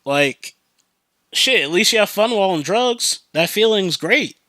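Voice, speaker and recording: A man's voice: high voice, expressive, a little slow, bright, forceful tone, no room sound. A young man hosting a podcast, telling a story in a loose, profane, rambling way with many fillers, and growing earnest on serious topics. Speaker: podcast host. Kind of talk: casual rambling monologue.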